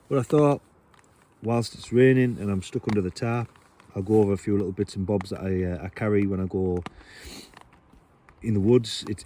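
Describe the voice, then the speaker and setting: This bushcraft vlogger chats about gear under a tarp while rain comes down in the woods, joking at his own expense and filling gaps with ums and ers. He speaks on the low side with a slightly mellow tone, and there's a bit of background noise.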